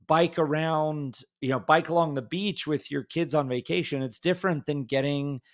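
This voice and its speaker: A man's voice: on the high side, normal speed. A man hosting a podcast interview, chatty and casual, often hunting for his words with fillers. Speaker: podcast host.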